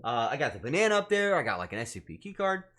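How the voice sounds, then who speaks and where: A man's voice: mid-range voice, sing-song, very fast, fairly bright tone. A young adult man chatting casually on a livestream, joking in mock outrage and swearing freely. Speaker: streamer.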